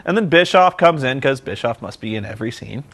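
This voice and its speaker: Animated and brisk, a man recaps a wrestling show with sarcasm and comedy, his medium-pitched voice fairly bright with a breathy edge. This mocking reviewer frequently imitates the show's figures using silly voices.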